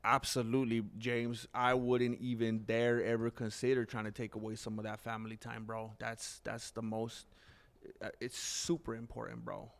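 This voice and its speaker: A man's voice: medium pitch, monotone, normal speed, creaky. A man hosting a casual live stream, chatting loosely to his viewers, calling them "bro" and laughing often. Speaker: livestream host.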